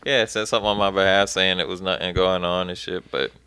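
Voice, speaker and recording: Young man with a bright, crisp voice and a low-pitched register, telling a profane story in casual podcast chat, recorded dry and close. He acts out both sides of the conversations with lots of energy. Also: fast talker, dry recording. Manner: profane, animated storyteller who acts out dialogue. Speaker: podcast host.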